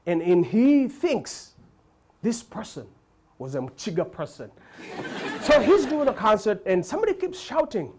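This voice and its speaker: A man's voice: unhurried, noisy background. A man with a Ugandan English accent telling comic stories, acting out characters as he goes. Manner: animated, acts out characters with big pitch jumps. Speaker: comedian. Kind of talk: stand-up storytelling.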